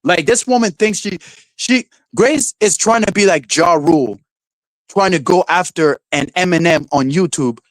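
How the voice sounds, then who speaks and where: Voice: medium pitch, moderate pace, no room sound, rough recording. A streamer host in a casual livestream rant, swearing freely, laughing often and mocking people with silly voices.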